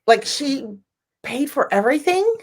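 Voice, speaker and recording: A woman's voice: high voice, a little slow. A woman hosting a live stream, chatting casually with a guest and gushing over viewer comments. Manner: bubbly, gushing, animated. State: teary, emotional.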